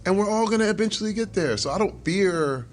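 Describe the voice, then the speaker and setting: A man's voice: sits high, lively intonation, fast talker, soft background music. A middle-aged man, a guest in an interview, talking over a meal in an earnest, reflective way and chuckling now and then. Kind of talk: casual conversation over a meal.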